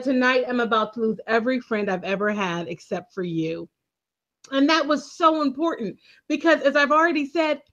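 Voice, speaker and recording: High-voiced woman co-host, quick and emphatic, dull lo-fi audio. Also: a bit bright. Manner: emphatic and quick, laughing often. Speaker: podcast co-host. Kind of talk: casual TV recap chat.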